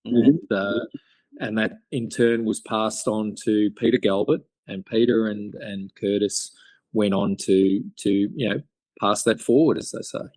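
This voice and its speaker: Aussie bloke, low voice, rambly storytelling, dry close mic, lots of ums. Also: male voice, steady tone, a little slow, a little mellow, no room sound. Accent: Australian. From Australia. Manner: rambling, many fillers and restarts. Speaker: guest chairmaker. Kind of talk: podcast interview storytelling.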